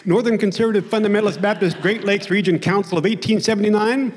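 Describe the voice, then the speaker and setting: An eager, chummy young country fellow with an Oklahoma twang, as a preacher acts him out. He talks a bit higher than a man's normal voice and fires off friendly questions. Long reverb hangs in the hall behind him. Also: fast. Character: friendly young man turning zealous.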